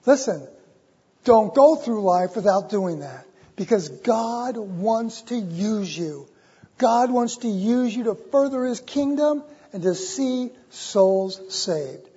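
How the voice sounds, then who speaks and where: Slow, impassioned preacher man in a reverberant church. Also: sits high, expressive, slightly rough. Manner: impassioned, urgent repetitions, swings between loud and hushed. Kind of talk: sermon. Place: church sanctuary. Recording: dull recording with long church reverb.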